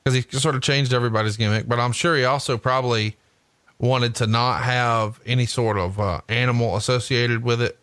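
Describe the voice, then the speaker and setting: A man's voice: mid-range voice, steady tone, brisk, fairly bright tone, smooth, no echo. Profane joking man. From Alabama, US. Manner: profane, jokey, laughs a lot. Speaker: wrestling podcast co-host. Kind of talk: casual chat, watching old wrestling.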